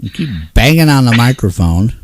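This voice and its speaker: A man's voice: mid-range voice, lively intonation, normal speed, background noise. A man hosting a casual talk show, ranting in an exasperated, grumpy way and swearing often. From Northeastern United States. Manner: grumpy, cursing, exasperated rants. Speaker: host.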